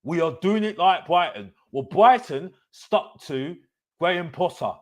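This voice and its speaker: Emphatic ranting man, slightly high voice. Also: a little slow. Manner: animated, repetitive, emphatic. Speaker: host of a football fan channel. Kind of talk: live-stream opinion rant.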